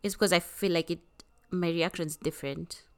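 A woman co-hosting a podcast, talking in a blunt, animated, casual way and swearing freely. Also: on the low side, fairly quick, clean tone. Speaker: podcast co-host. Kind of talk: casual chat.

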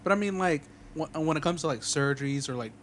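A man's voice: a little high, fast, slight background noise. A man explaining things in an easygoing way during a casual chat among friends.

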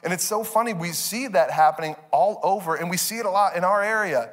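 A pastor delivers a storytelling sermon from a church stage, his fairly high voice animated as he acts out his kids in high voices and laughs often. He talks a little fast, and the sound carries the echo of a big room.

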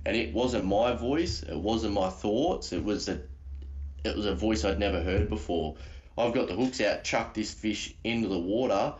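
A man with an Australian accent tells his story casually, full of slang and restarts. His voice sits very low, and the call audio sounds dull and lo-fi. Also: normal speed. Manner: rambling, slangy, many restarts. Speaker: guest caller.

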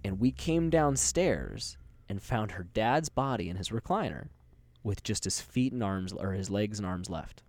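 A young man with a fairly low voice tells a long, meandering story on a podcast, peppering it with casual swearing and quick laughs. The sound is close and dry, with no room around it. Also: animated, darkish tone, dry recording. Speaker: podcast co-host.

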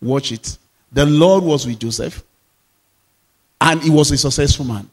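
Preaching to his congregation, a male pastor repeats phrases, leads call-and-response, and swings between loud declarations and quiet asides. His voice runs on the high side and a little slow, with a big-room sound.

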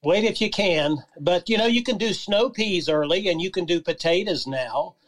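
A man's voice: high voice, moderate pace, fairly bright tone. A man, a beekeeper and gardener, telling anecdotes in an easygoing way. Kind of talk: casual chat.

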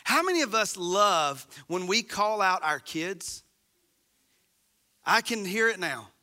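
A man's voice: high-pitched, sing-song, slow, bright, forceful tone. A man preaching a sermon as pastor, talking conversationally and straight to his congregation.

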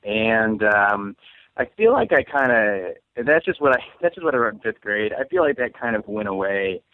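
A man's voice: lowish voice, very animated, moderate pace, dry recording. A man from St. Louis, a comedian guest, chatting casually in a rambling, self-mocking way and laughing often. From St. Louis, USA. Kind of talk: casual chat. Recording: dry, phone-like line.

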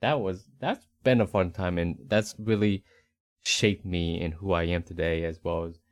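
This co-host's voice is low, with fairly even intonation and a normal speed, captured in a dry recording. He's a Northeast US man with a slight Rhode Island accent, rambling easygoingly through the podcast chat and self-correcting as he goes.

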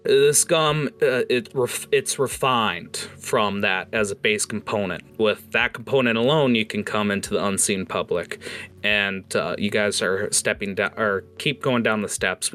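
A man running a tabletop game as game master, with a somewhat low voice. He narrates in a halting way, stopping often for fillers and self-corrections. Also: fairly bright tone.

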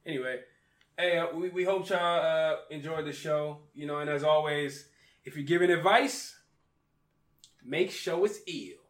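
A man with a high, light voice trading casual banter as a podcast co-host. He talks in an animated, slangy way. His voice carries a roomy echo. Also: unhurried, recorded from a distance. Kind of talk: casual chat.

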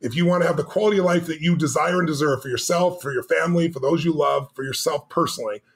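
A middle-aged man telling a motivational story as a podcast guest, energetic, emphatic and urgent. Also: a little high, quick pace.

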